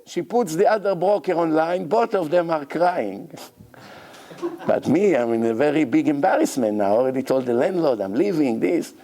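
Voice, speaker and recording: A rabbi gives a Torah lecture and tells a long personal story. His gravelly voice sits a little high and swings widely in pitch as he plays out the dialogue. He jumps between his own voice and the people he quotes. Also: normal speed. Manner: animated storyteller, acts out both sides of dialogues.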